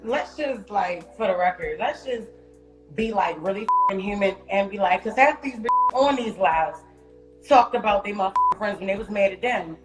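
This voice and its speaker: Woman, loud and profane storyteller on a live stream, roomy echo with music under her. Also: medium pitch, moderate pace. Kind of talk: casual chat on a social media live stream.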